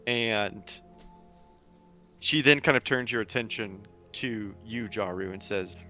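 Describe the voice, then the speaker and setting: A man's voice: lowish voice, takes it slowly, pushed and bright, highs cut off, faint music behind. A man running a tabletop game, narrating scenes casually with fillers. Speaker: game master.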